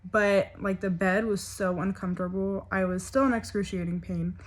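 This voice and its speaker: A woman's voice: mid-range voice, fairly even intonation, normal speed. A young woman talks straight to her viewers. She tells her story in an open, emotional way. Her speech is loose and full of fillers and side remarks. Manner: chatty, emotional, many fillers. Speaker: vlogger. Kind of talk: personal storytelling vlog.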